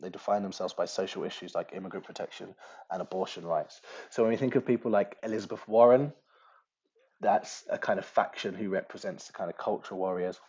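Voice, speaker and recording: Deep-voiced male teacher, lo-fi lesson recording. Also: brisk, darkish tone, breathy edge. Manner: conversational, many fillers.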